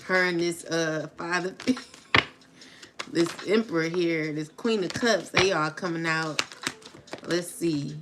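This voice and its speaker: A woman's voice: fairly low pitch, fairly even intonation, slow, pauses often, very noisy. A woman doing a casual tarot reading, taunting and laughing as she talks to her viewers. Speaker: tarot reader. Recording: music playing underneath. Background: music.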